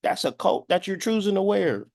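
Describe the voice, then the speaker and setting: With a high-pitched, gravelly, slightly mellow voice, a man in his thirties talks animatedly at a moderate pace. He is a spiritual astrology commentator giving a blunt, profane sermon-like monologue and occasionally acting out quoted voices, in studio-quality audio without echo.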